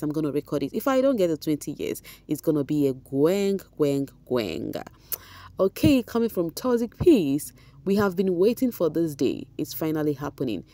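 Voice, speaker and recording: A woman's voice: low voice, warm tone, dry recording. Chatty woman vlogger. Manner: chatty, reads comments aloud, sprinkles Nigerian Pidgin. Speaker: vlogger reading fan comments. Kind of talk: casual commentary.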